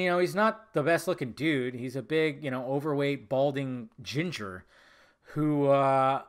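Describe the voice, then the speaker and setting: A man hosting a solo podcast, talking casually and rambling, with profanity and frequent laughter. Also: a little high. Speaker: podcast host.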